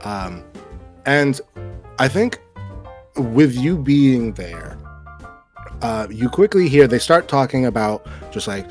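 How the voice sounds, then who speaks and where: A man's voice: lowish voice, lively intonation, takes it slowly, faint music behind. A man narrating as game master of a tabletop game, in casual, filler-heavy speech.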